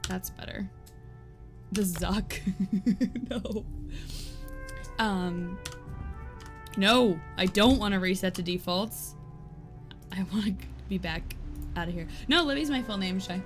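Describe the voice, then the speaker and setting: A woman's voice: mid-range voice, slow, pauses often. A woman live-streaming a game, chatting casually with viewers in a rambling, giggly way full of "like". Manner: giggly, animated storytelling. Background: faint game music.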